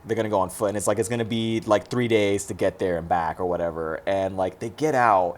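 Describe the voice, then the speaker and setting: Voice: low voice, a little fast. Rambling co-host retelling a movie. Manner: rambling retelling with many restarts. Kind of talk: casual movie chat.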